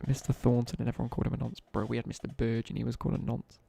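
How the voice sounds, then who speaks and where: A man's voice: mid-range voice, flat delivery, very fast, creaky, dark tone, slight background noise. A young man with a British accent telling laddish school stories in casual live-stream chat while gaming. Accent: British English. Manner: chatty, laddish anecdotes with slang, asides while gaming.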